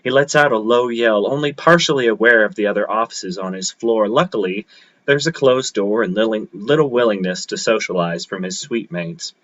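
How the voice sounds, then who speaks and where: A man with a lowish voice reads a short story at an open mic, keeping a steady, measured pace. His tone is bright and forward. The sound is dull and lo-fi, like a livestream. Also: no echo. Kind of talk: reading his own short fiction aloud.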